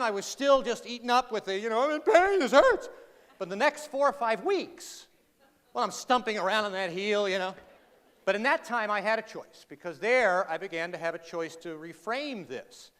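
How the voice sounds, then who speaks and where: A man's voice: high voice, a bit bright. A man telling a humorous personal story to a live audience in a large hall, sarcastic and self-deprecating, quizzing the listeners as he goes. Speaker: humorous speaker. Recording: reverberant hall, faint background ambience.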